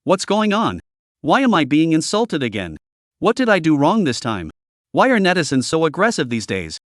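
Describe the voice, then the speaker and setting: A man's voice: on the high side, wildly swooping pitch, moderate pace, no room sound, studio quality. A man voicing a short-tempered young woman cultivator in a comic recap, speaking in exasperated outbursts. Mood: bewildered.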